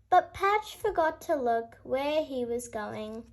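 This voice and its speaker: A woman reading a bedtime picture book aloud for children, in a gentle and expressive storytelling manner. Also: sits high, slow pace.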